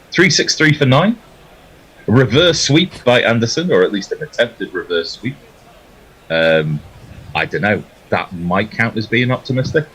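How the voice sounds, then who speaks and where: A man giving relaxed ball-by-ball cricket commentary, chatty and laughing between deliveries. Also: fairly low pitch, breathy edge, low-quality recording.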